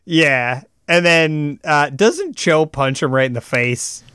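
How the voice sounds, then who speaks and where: A man co-hosting a casual podcast, retelling a TV episode in animated bursts and quoting the characters along the way. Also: on the high side, slow, clear, resonant tone, dry recording, clean studio sound. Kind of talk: casual plot recap.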